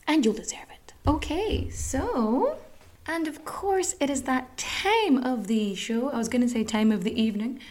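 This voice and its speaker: A woman's voice: sits high, measured pace, a little mellow. An Irish woman hosting a podcast from home, chatting casually, swearing freely and drifting into asides. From Ireland. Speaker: podcast host. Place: home room with a cat.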